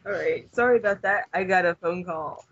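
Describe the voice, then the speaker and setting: A young man reading fanfiction aloud to friends in a deadpan manner, trying not to laugh. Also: high voice, a little fast, no room sound, lo-fi sound. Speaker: reader among friends.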